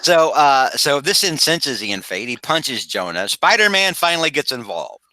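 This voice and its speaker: A man hosting a podcast, retelling a comic book story in a rambling, animated way and slipping into quoted voices. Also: mid-range voice, moderate pace, no room sound, rough recording. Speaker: podcast host. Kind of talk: casual comic book recap.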